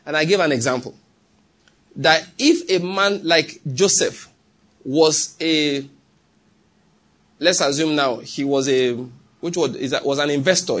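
A pastor with a Nigerian English accent preaches with emphatic, pressing conviction, often stopping to check that his listeners are following along. His slightly high voice has a husky, breathy edge and a fairly bright tone.

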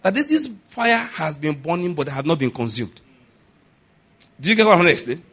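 A man preaching a sermon with a Nigerian accent, animated and chuckling often, putting frequent rhetorical questions to his congregation. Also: fairly high pitch, brisk, husky.

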